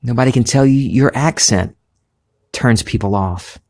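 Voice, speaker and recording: A man's voice: mid-range voice, a little slow, a little mellow. A man with a slight Southern American accent, hosting a spiritual podcast in an earnest, musing monologue that thinks aloud. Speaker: podcast host.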